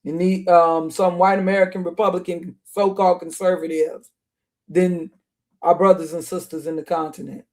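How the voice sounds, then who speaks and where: A man with a notably high-pitched voice delivers reaction commentary. He talks in heated, repetitive bursts, doubling back on his points with outraged asides. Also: little pitch movement, moderate pace, a little mellow. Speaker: online commentator.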